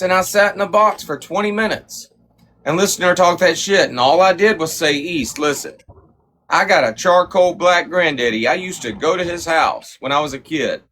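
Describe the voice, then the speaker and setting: A man's voice: high-pitched, sharp tone, a little hiss or hum. A man hosting a livestream, telling a heated story in a profane, swaggering way. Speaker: livestream host. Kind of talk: heated casual livestream rant.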